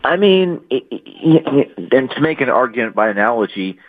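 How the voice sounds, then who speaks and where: A man's voice: mid-range voice, very animated, normal speed, no room sound. A man being interviewed as an author, answering emphatically and often repeating and restarting words. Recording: thin phone-line audio.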